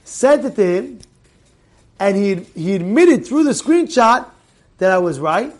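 Male rabbi, very high voice, emphatic repetitive preaching style with loud bursts and hushed asides. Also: lively intonation, a little slow. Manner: emphatic, repeats phrases, swings between loud exclamations and quiet asides. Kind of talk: animated Torah class sermon.

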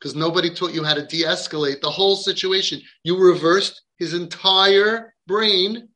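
High, sharp-voiced emphatic man. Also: moderate pace. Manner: emphatic, repeats words for stress. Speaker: parenting coach. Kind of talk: impassioned podcast talk.

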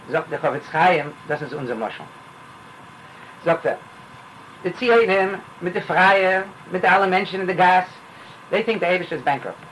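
A man with teaching an informal Torah class, telling parables in a rambling, animated way and dropping in phrases. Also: high-pitched, slight background noise, low-quality recording.

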